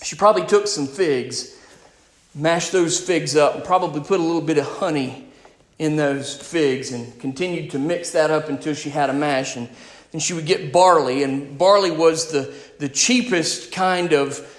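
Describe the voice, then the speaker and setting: A male pastor preaching a sermon. He is emphatic, swings between loud and quiet, and speaks directly to his congregation. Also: on the high side, normal speed, roomy sound.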